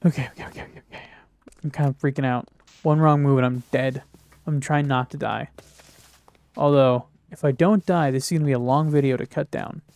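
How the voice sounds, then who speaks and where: A man's voice: medium pitch, steady tone, fairly quick, a little mellow, no room sound. A man giving casual gameplay commentary, jittery and swearing as he talks to himself and the game. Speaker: gaming video creator.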